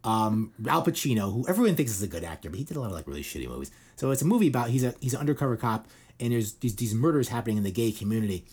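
Speaking very fast in a sing-song way, this middle-aged man has a medium-pitched, husky, darkish voice. As host of a casual news chat podcast, he rambles irreverently, swears often, and keeps saying "like" and "you know."

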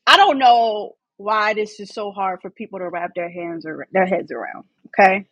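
A woman's voice: mid-range voice, moderate pace, fairly bright tone, breathy edge, dry recording, muffled recording. A woman in casual chat, talking in an exasperated, emphatic way.

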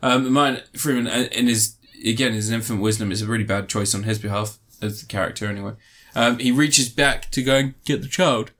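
A man's voice: mid-range voice, fairly bright tone. Rambling sarcastic man recapping a film. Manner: sarcastic, rambling with fillers and quick mock voices. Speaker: film reviewer. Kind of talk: casual film recap chat.

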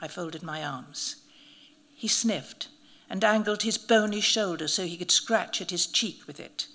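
A woman reading a first-person story aloud, in measured, vivid audiobook narration. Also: on the low side, pushed and bright.

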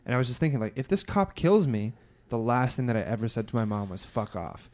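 Podcast co-host, male, mid-pitched, loose rambling storyteller full of fillers. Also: big pitch swings, fast talker, darkish tone. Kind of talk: casual chat.

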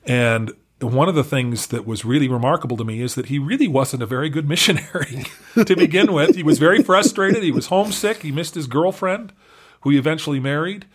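A man's voice: on the high side, brisk, husky. A middle-aged man talking casually as an interview guest, chatty and self-deprecating, often laughing while telling stories. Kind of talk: casual conversational storytelling.

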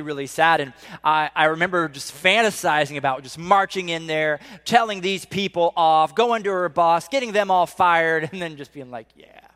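Animated middle-aged male pastor preaching. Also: a little high, clean tone. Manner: animated storytelling, drops to a soft hush for emphasis. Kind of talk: sermon.

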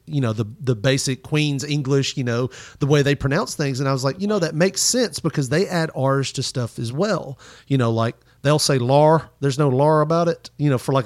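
A man with a Southern US accent talks in a loose, joking way, dropping swear words into his stories. His voice sits in a middle pitch, and the sound is dry and close with no room echo. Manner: joking, profane storyteller. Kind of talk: casual chat.

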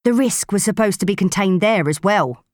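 Coarse, grumbling female pirate for an audiobook, read by a woman, pitched up, dry sound. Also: expressive, normal speed, darkish tone, no echo, close to an everyday voice. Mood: complaining. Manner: coarse, complaining, ungrammatical. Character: rough-spoken grumbling female pirate crewwoman.

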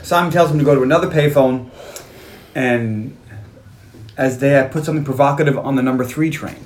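A man on a podcast, recapping a film in a lively way and acting out its lines in voices. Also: medium pitch, a little fast, roomy sound, slight background noise. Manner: animated, acts out movie lines in voices. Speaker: podcast host. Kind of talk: casual movie recap chat.

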